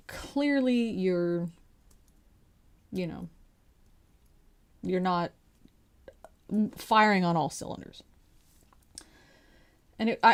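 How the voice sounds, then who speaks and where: A young woman casually telling a personal anecdote, chatty and animated, acting out the quotes as she goes. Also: on the low side. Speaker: storyteller.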